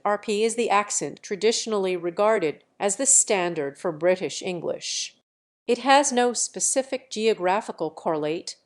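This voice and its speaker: A woman narrating encyclopedia entries in an even, matter-of-fact reading with stiff pauses. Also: mid-range voice.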